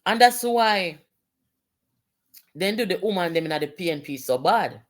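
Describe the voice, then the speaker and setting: A Jamaican woman speaks as a political commentator in a slightly low voice. She is indignant and emphatic and keeps firing rhetorical questions at her listeners. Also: animated, measured pace.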